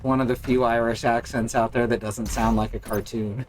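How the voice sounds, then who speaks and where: A man talks his way through a game on a live stream, wry and joking. His voice sits at a middle pitch, with faint background noise. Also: little pitch movement, normal speed, low-quality recording. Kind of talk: casual live-stream chat while playing.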